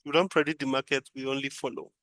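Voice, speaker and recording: A man's voice: medium pitch, flat delivery, fast talker, sharp tone, dry recording. A man casually walking through a trading chart, thinking aloud and repeating phrases as he goes. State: yawning, drowsy. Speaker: trading analyst.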